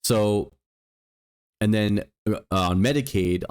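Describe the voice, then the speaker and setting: A man's voice: fairly low pitch, slow pace, a little mellow, clean tone. A man hosting a political commentary show, speaking with indignant emphasis and reading out statistics. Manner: indignant, emphatic, reads out figures. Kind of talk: opinion commentary.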